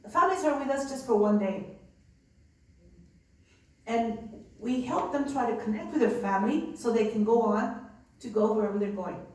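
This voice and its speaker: A woman's voice: fairly high pitch, lively intonation, normal speed, pauses often, a little mellow. A nun telling stories of her migrant respite center in an earnest, conversational way. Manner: earnest, conversational with many fillers. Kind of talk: personal storytelling. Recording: echoey room from far off, faint ambience.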